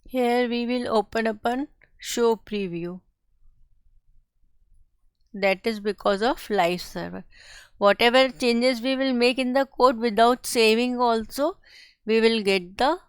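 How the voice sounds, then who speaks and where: A woman teaching a coding tutorial, explaining each step slowly and carefully. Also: on the high side, clear, resonant tone, no room sound. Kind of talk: screen-share coding tutorial.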